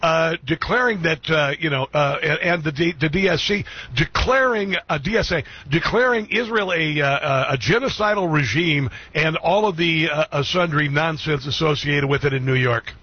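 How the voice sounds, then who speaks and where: A man's voice: fairly high pitch, normal speed, few pauses, husky, no echo. A man hosting a talk radio show, chatting casually, laughing often and mocking the topic. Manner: laughs a lot, excitable and mocking. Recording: slightly muffled radio audio.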